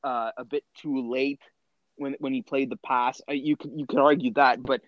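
Opinionated man with halting delivery. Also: medium pitch, steady tone, no echo. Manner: halting, many fillers and restarts, opinionated. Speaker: soccer podcast co-host. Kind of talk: casual chat. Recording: slightly muffled lo-fi recording.

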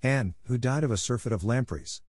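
A man's voice: medium pitch, fairly quick, darkish tone, dry recording, studio quality, voice pushed up, natural voice. A man reading an audiobook voicing a schoolgirl who talks frankly and reflectively.

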